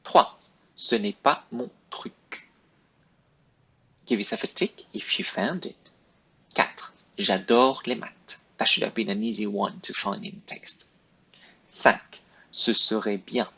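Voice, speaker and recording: A man's voice: lowish voice, animated, takes it slowly, pauses often, sharp tone, low-quality recording. A man teaching a recorded French lesson, giving patient, step-by-step instructions to pupils. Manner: patient, step-by-step, clearly paced directions to pupils.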